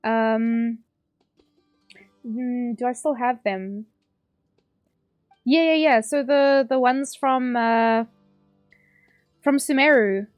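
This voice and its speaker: Drawing out her words and leaving long pauses, a woman with a fairly high voice and a South African accent chats casually while streaming a game from home. She rambles and laughs often, with faint music behind her and no room sound.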